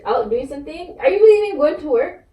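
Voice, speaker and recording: A woman's voice: sits high, lively intonation, fast, distant mic, crowd noise. A young woman angrily confronting her husband at home, cursing and full of slang. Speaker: wife confronting her husband in a prank video. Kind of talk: heated home argument, swearing. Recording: echoey room, voice from across the room, faint noise.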